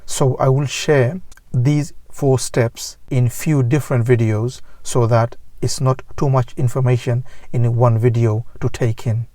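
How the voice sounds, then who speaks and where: Deliberate mellow-voiced male teacher. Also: medium pitch, fairly even intonation, no echo. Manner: slow, deliberate, repetitive phrasing. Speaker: English teacher. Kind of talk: scripted lesson to camera.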